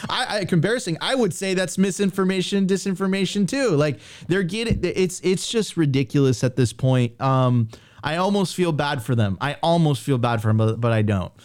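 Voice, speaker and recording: A man's voice: a little high, animated, normal speed, a little mellow. A man hosting a podcast who speaks in a joking, teasing way, with stammered restarts as he hands off to his co-hosts. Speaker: podcast host. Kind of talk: casual opinion chat.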